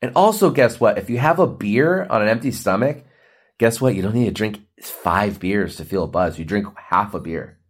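A man's voice: fairly low pitch, animated, moderate pace, husky. A man around forty, hosting a podcast and ranting in a blunt, preachy, joking way. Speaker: podcast host. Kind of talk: ranting monologue.

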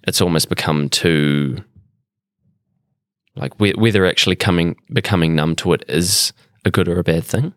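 A man's voice: sits low, moderate pace, dry recording, studio quality. A man hosting a podcast in an indoor room, chatting casually, rambling and searching for words with the odd swear. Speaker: podcast host. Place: indoor room with a painting on the wall.

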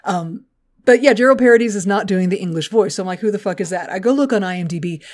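A woman's voice: mid-range voice, fast, darkish tone. A woman co-hosting a podcast in casual chat, chatty and profane, laughing often as she recaps. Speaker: podcast co-host.

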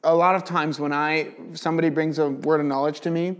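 Male Bible teacher, pitched a touch high, chatty and animated testimony style. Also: brisk. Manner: animated storyteller, chatty with many "like" fillers. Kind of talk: casual teaching with personal testimony.

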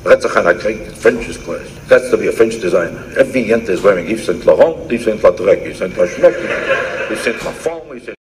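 A man's voice: lowish voice, expressive, a little fast, noisy background. A male comedian delivering an archival monologue with emphatic, mocking punch lines.

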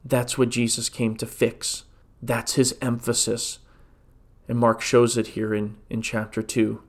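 A pastor teaches a Bible study podcast conversationally, full of rhetorical questions and restarts. His medium-pitched voice is monotone and unhurried.

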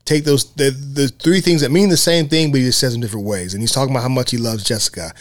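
A man hosting a podcast, chatting casually about a film, animated and laughing often. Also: mid-range voice, fast, no room sound. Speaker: podcast host.

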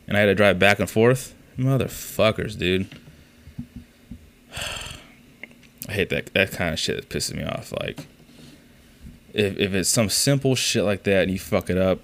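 A man's voice: low-pitched, normal speed, long pauses, a bit bright. A man hosting a casual solo podcast, telling profane, rambling, exasperated stories about his week. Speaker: podcast host.

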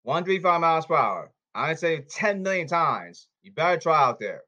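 A man with a somewhat high voice rants on his podcast. He scolds his listeners and repeats himself in an agitated way. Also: big pitch swings, normal speed, bright, forceful tone, highs cut off. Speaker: podcast host. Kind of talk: ranting podcast monologue.

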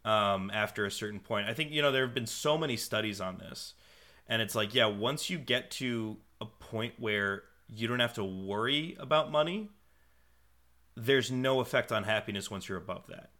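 A man's voice: fairly low pitch, moderate pace, sharp tone. A man hosting a faith podcast, chatting earnestly with jokey asides and reading out listener questions. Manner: earnest and chatty, joking asides, lots of "like" and "I mean". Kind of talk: casual podcast chat.

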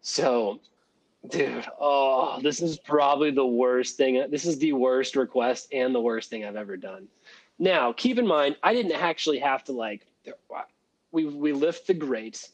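Man, husky voice, animated storyteller, laughs a lot, does voices. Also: medium pitch, measured pace, poor audio. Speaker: guest, former valet. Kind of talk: casual storytelling.

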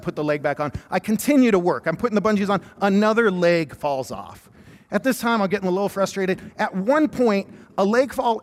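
A youth pastor in his thirties, preaching with lively, self-deprecating stories and humor. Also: sits high, in a large hall. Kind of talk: sermon with personal stories.

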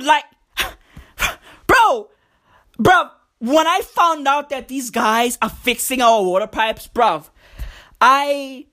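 Hyper-energetic South African woman ranting. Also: high-pitched. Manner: hyper-energetic, slangy, profane, repeats phrases. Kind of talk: comedic rant monologue.

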